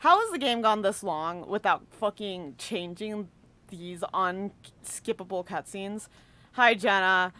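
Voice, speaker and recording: A woman's voice: mid-range voice, expressive, slow, bright, forceful tone. A woman streaming a video game, frustrated and swearing as she plays.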